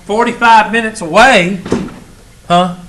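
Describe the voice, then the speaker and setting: A man's voice: sits high, unhurried, a bit bright, slight background noise, rough recording. A man, a college instructor talking casually and teasing his class in a classroom. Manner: folksy, teasing storyteller.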